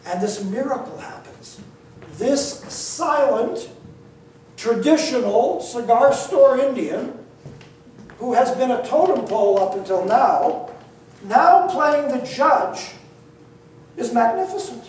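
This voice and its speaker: An older man with a high voice tells a story to a live audience in an animated, blunt, wry way. He is picked up from far off, and the room rings with heavy echo. A faint room hum sits underneath. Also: slow. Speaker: speaker telling a story to an audience. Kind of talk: lively spoken storytelling. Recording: very echoey, mic far off, faint ambience.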